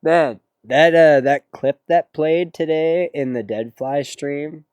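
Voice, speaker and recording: A man's voice: a little high, slow, darkish tone, smooth, no echo. A man chatting casually with his stream audience between song requests, with a laid-back, sarcastic and slangy way of talking. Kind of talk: casual livestream chat.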